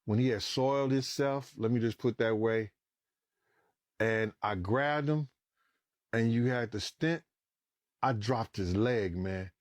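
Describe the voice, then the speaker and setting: A middle-aged man telling a story as a podcast guest in a casual, animated way, swearing freely and acting out what people said. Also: medium pitch, slow, long pauses, dry recording, studio quality. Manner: animated, acts out quoted dialogue, swears freely.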